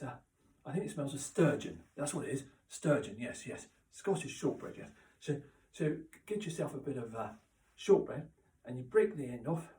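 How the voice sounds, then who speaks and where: A man doing a rambling, deadpan comic monologue, halting and full of restarts and asides. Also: medium pitch. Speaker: comic character host. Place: chilly indoor room. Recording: roomy echo, mic at a distance.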